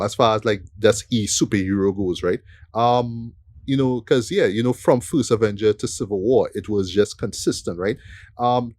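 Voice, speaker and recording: A man's voice: on the low side, darkish tone, no echo. A man hosting a casual film review podcast, rambling with many fillers and "right?" tag questions. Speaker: podcast host.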